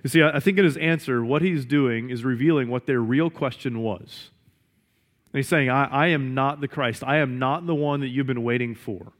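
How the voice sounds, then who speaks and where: A man's voice: mid-range voice, moderate pace. A man preaching a sermon, reading scripture aloud, explaining it and asking his listeners rhetorical questions. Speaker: pastor.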